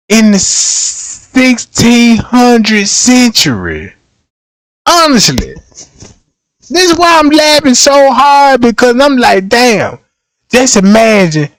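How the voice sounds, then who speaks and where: A man riffs and laughs through a livestream reaction. His voice sits high and his delivery is unhurried. The sound is close and dry, with no room around it. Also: dry recording. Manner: slangy, laughs often, acts out quick bits. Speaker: livestream host.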